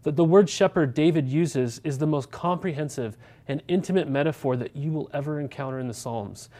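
A man's voice: on the high side, a little fast, mellow. A man, a pastor preaching a sermon in a conversational way, asking many rhetorical questions and checking in with the congregation.

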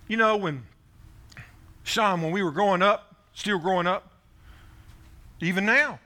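A man preaching from the pulpit, his voice pitched high and strikingly bright. He hammers home short repeated phrases with rising force. Between points he drops low and soft to talk straight to the congregation. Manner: emphatic preaching with rising, punchy repetitions. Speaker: pastor. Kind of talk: sermon.

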